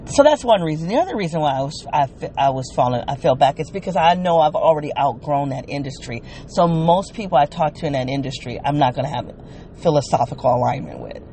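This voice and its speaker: A woman's voice: low voice, lively intonation, fast, mellow, a little hiss or hum. A middle-aged woman and former teacher talking alone on her podcast, thinking aloud, laughing often and amused with herself. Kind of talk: casual solo monologue.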